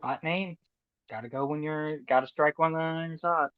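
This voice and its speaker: A man co-hosting a podcast with a playful, teasing manner that breaks into loud chants. His voice comes through a dry, tinny, phone-like line. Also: a little high, fairly even intonation, moderate pace, no room sound. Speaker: podcast co-host. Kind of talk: casual chat.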